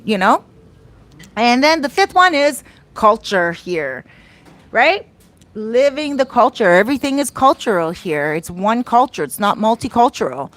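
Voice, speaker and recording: A woman's voice: a little high, no echo. A woman hosting a casual livestream, chatting affectionately and reading out viewer comments. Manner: affectionate, effusive, reads viewer comments aloud. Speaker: livestream host and life coach. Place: outdoors in the Dominican Republic.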